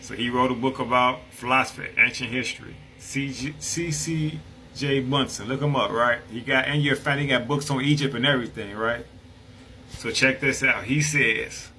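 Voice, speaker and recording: Over slight background noise on a low-quality recording, a man with a medium-pitched, pushed and bright voice reads passages from an old book at a moderate pace. His intonation stays fairly even as he explains them casually, often checking in with "right?"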